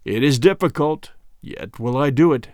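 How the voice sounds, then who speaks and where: A man voicing a stern, commanding king in an audiobook, with measured, grave pronouncements. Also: medium pitch, a little mellow, dry recording, studio quality, lightly acted. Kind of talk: audiobook character voice.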